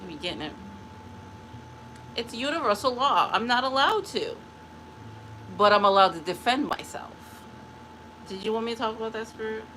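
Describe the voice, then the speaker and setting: A woman's voice: fairly high pitch, expressive, moderate pace, long pauses, background noise. A woman talking to camera in a spiritual vlog, taunting an unnamed rival and then chatting in a rambling way. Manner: rambling with restarts and laughs. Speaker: vlogger.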